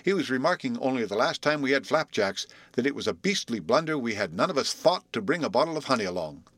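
A man voicing a calm, shrewd young man in a storybook reading, explaining things thoughtfully. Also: mid-range voice, quick pace, no echo.

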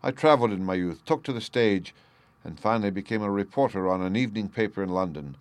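A man's voice: on the low side, expressive, fast, clear, resonant tone, no echo, lightly acted. A man doing an earnest, confessing prisoner. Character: ashamed gentleman prisoner confessing, adult man.

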